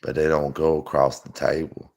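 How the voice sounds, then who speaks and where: A man voicing a leering backwoods grown man who talks in a slow, wheedling, suggestive drawl. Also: very deep voice, flat delivery, creaky, darkish tone, pitched below the performer's own voice, full character voice.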